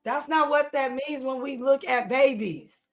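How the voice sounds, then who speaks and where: A woman's voice: high voice, steady tone, measured pace. A woman co-hosting a casual livestream with her partner, blunt and indignant. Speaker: co-host, host's partner. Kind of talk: casual stream chat.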